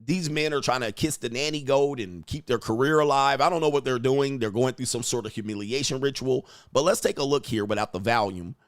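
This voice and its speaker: Man, stream host, blunt mocking commentary, mid-pitched voice, dry close sound. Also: brisk, hardly any pauses, no echo.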